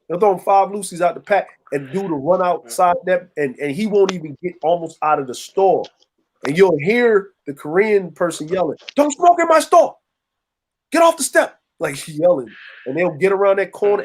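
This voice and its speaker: A man's voice: on the high side, darkish tone. A man in casual podcast chat, telling stories and acting out the people in them. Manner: storytelling, acts out voices of people he describes. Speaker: podcast co-host.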